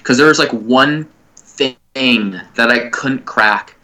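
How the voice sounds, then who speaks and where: A young man co-hosting a comedy podcast in a casual chat. He tells loose, rambling stories, swears a lot and leans on filler words, at an ordinary middle pitch. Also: slow pace, pushed and bright. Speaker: podcast co-host.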